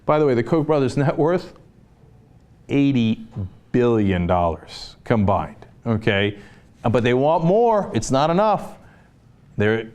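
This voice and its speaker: A man's voice: medium pitch, darkish tone. A man hosting a political commentary show, delivering an impassioned opinion monologue with sarcastic, fired-up ranting.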